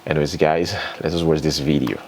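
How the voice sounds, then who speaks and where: A Nigerian man with a very low voice talks through celebrity stories in a loose, opinionated vlog style. He laughs between remarks and cannot pronounce his R sounds. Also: fairly even intonation, brisk, a little mellow, a little hiss or hum. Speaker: entertainment news host. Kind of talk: casual news commentary vlog.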